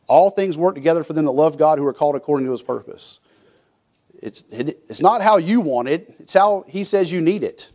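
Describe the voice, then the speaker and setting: A man's voice: fairly high pitch, lively intonation, moderate pace, a little mellow. A man preaching a folksy sermon, acting out quotes and often restarting his sentences. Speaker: pastor.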